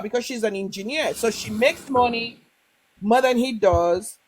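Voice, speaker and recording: A woman's voice: on the high side, normal speed, darkish tone, slight background noise, rough recording. A woman hosts a casual livestream and tells her viewers a story she heard. She rambles, restarts her sentences and fills the gaps with small fillers. Now and then she acts out what the people in the story said. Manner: acts out quoted dialogue. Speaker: livestream host.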